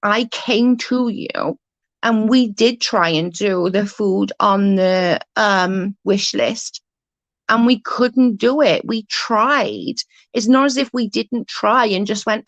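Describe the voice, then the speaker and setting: A woman's voice: mid-range voice, takes it slowly, no room sound, muffled recording. A woman ranting to her livestream viewers, indignant and swearing, speaking straight to her chat.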